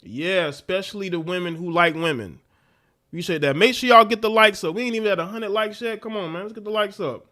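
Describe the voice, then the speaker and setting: A man's voice: high-pitched, brisk, bright, forceful tone. Slangy man hosting a stream. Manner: loose, repetitive, slangy. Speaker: live stream host. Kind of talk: casual commentary.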